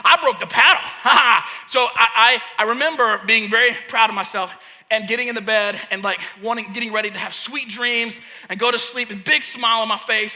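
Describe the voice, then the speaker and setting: A man who is a pastor and a parent, preaching a sermon and acting out a childhood story with lively energy. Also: high voice. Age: young adult to middle-aged, a parent. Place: church hall. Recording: long hall reverb.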